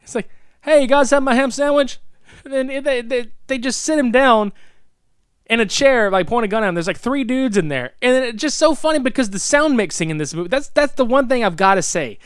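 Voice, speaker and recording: This podcast co-host, a man in his thirties, has an extremely high, clear, resonant voice and talks fairly quickly, captured in a dry, clean studio recording. Reviewing a film, he's excitable and profane, acting out scenes.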